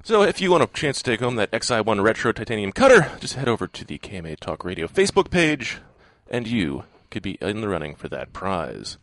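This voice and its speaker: A man's voice: lowish voice, very animated, a little fast, no room sound. A man hosting a talk radio show, reading giveaway promos in an upbeat way.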